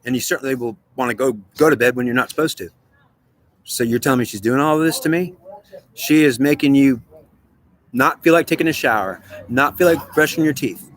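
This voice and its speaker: Speaking briskly at a medium pitch with a slightly bright tone, a male vlogger delivers a solo monologue to the camera. He plays both voices in an earnest argument with himself that keeps going in circles.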